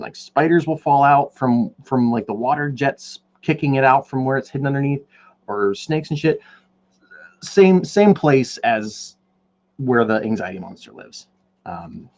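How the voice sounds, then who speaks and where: A man hosting his own podcast talks loosely while he paints, wandering from thought to thought and poking fun at himself. His voice sits at an ordinary middle pitch. The recording is slightly muffled and lo-fi. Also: darkish tone. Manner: rambling, jokey, self-deprecating. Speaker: podcast host. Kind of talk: casual rambling chat while painting on a stream.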